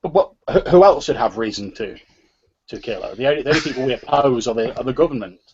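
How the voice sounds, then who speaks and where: A man voicing a tough, vengeful female gang leader and demolitions expert, speaking in a low, steady, cold way, on a dull lo-fi recording. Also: fast talker, breathy edge. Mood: pleading.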